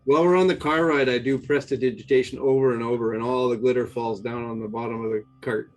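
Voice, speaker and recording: A man's voice: mid-range voice, fairly even intonation, fast talker, faint music behind, poor audio. A man playing a tabletop game who jokes and swears casually. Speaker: player.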